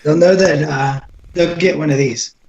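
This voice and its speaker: Easygoing guy guest on a video call, kinda under the weather, playful, slightly higher voice. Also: fairly even intonation, moderate pace, a little mellow, highs cut off. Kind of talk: casual chat.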